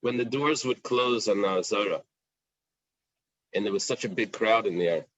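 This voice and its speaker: A man's voice: on the low side, moderate pace, fairly bright tone, no room sound, poor audio. A man teaching a Talmud class in plain English, mixing in Aramaic and Hebrew quotes, with fillers and restarts. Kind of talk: daf yomi Talmud class.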